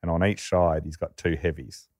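Deep-voiced storyteller. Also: male voice, normal speed, dry recording, studio quality. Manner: lively storyteller, quotes characters. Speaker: podcast co-host. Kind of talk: storytelling chat.

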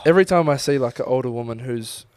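A man's voice: medium pitch, fast, a little mellow, dry recording. A young man co-hosting a podcast in casual, rambling chat. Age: young adult. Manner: chatty, rambling, uses bloke and mate. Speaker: podcast co-host.

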